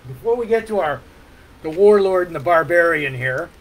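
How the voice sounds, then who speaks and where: A man's voice: on the high side, expressive, moderate pace, low-quality recording. A middle-aged man hosting a podcast in casual rambling chat, loose and full of fillers and hums, with the odd swear. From Ontario, Canada. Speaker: podcast host.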